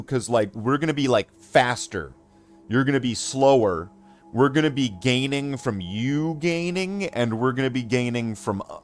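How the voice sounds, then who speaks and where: A man streaming a card game, rambling and talking himself in circles, often trailing off into low mutters. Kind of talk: casual gameplay commentary.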